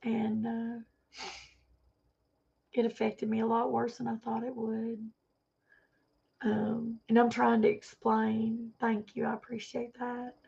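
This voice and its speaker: A woman with a gravelly, husky voice, a little higher than most, talking on a livestream. She speaks earnestly and rambles, circling back and repeating herself. The audio is dull and lo-fi. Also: completely flat delivery, slow pace, pauses often, warm tone. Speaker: livestream vlogger. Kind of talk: emotional personal livestream talk.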